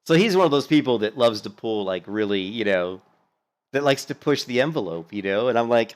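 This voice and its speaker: A man giving casual, rambling gaming commentary, animated, with lots of fillers and some swearing. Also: mid-range voice, fairly quick. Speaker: gaming streamer commentating on a hardcore game run.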